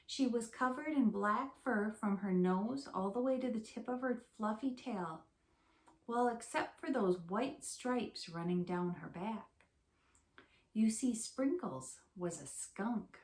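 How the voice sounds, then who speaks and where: A woman teacher reading a storybook aloud to young children in a slow, clear, expressive way. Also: mid-range voice. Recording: roomy echo.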